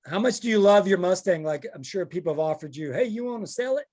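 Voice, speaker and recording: High-voiced man telling a lively story. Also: fast. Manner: animated storyteller acting out quotes. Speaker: podcast host. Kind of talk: casual chat.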